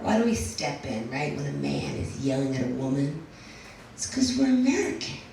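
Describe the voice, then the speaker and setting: On stage at a small club with a live audience, a young woman comic delivers a brash, profane set that mocks herself. Her voice sits low and sounds creaky and sing-song at normal speed. The background is noisy, recorded from a distant mic in an echoey room with a laughing crowd.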